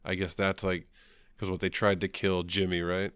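A man's voice: low voice, level tone, moderate pace, fairly bright tone, clear, resonant tone, dry recording. A man talking casually about comics, blunt and rambling, swearing freely. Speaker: comic book podcast co-host. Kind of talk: casual chat.

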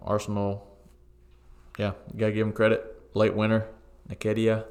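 A man co-hosting a football podcast, giving relaxed, opinionated match takes with frequent ums and uhs. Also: on the low side, normal speed. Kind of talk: casual sports chat.

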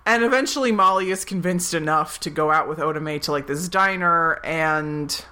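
A woman co-hosting a podcast, recapping a film in animated casual chat and acting out quick quotes. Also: low voice. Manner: animated retelling with quick acted-out quotes, laughs often. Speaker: podcast co-host.

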